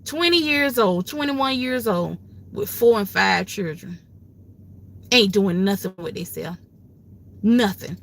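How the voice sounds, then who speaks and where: A woman's voice: mid-range voice, animated, slow pace, gravelly, long pauses, a bit bright. Emphatic grandmother giving folksy advice. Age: older. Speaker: livestream host. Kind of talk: casual livestream talk, preachy advice.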